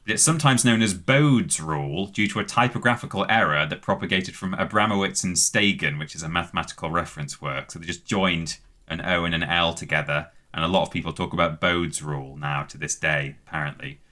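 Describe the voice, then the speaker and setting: A man's voice: low voice, fairly quick, hardly any pauses, sharp tone. A British man co-hosting a podcast, casually reading out facts at length with many "um"s and words spelled letter by letter. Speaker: podcast co-host.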